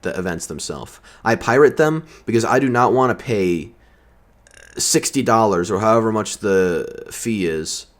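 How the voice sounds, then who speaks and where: A man delivering a heated, profane and sarcastic vlog rant. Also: deep voice. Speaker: vlogger. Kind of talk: ranting commentary.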